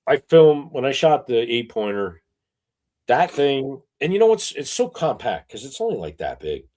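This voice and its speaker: A man co-hosting a casual chat show who rambles through animated stories full of fillers. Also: mid-range voice, normal speed. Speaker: co-host.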